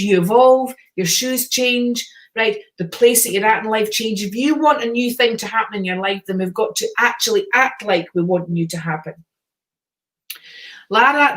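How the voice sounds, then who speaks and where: A middle-aged woman hosting a casual live stream, reading out viewer comments, chatty and encouraging and swearing casually. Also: fairly high pitch.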